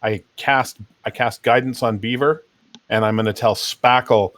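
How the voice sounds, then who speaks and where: A man's voice: medium pitch, fairly even intonation, moderate pace, a bit bright, dry recording. A man playing a tabletop game over voice chat, wry and bossy in a joking way. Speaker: player.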